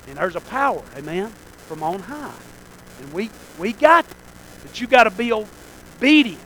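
A man preaching a sermon, with folksy asides, dropping to a hush and then rising to near-shouting. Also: high voice, poor audio.

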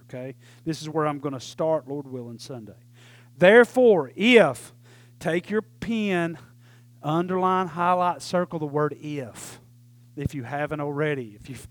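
A man preaching a sermon to his church, swinging from loud calls to hushed asides as he talks to the congregation. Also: a little high, no echo. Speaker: pastor.

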